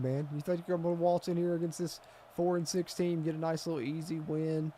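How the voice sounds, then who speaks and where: His voice runs on the high side, level and dark, and he talks a little fast. He's a gaming streamer giving live commentary on a football video game, flipping between frustration and hype as he reads viewer comments.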